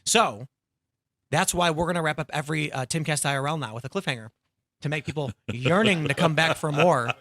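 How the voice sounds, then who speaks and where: A man hosting a talk show panel, animated and sarcastic, acting out quotes as he talks. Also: a little high, brisk, dry recording, studio quality. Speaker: podcast host.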